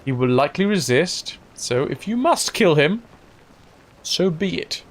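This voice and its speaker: A man voicing a stern, demanding hooded male wizard in a video game, speaking formally in a raised, lively voice. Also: fairly high pitch, measured pace.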